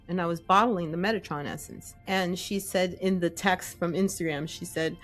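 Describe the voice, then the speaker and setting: A woman guest in an interview, telling her story casually and acting out her own inner voice. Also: lowish voice. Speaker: guest, essence maker.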